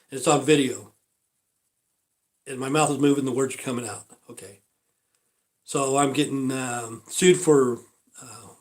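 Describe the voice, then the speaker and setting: An older man rambling through a casual livestream monologue, profane and repetitive, circling back over his points. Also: medium pitch. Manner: rambling, profane, repeats himself. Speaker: livestream host.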